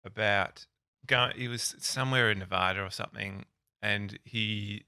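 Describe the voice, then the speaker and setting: Here is a laid-back Australian man with a lowish voice that still cuts through with a bright, forceful edge. He rambles through his stories on a dry, close-miked podcast track. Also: steady tone, moderate pace, clear, resonant tone, dry recording. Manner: laid-back storytelling with lots of "like" and "mate". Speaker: guest, host's brother. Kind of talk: casual podcast chat.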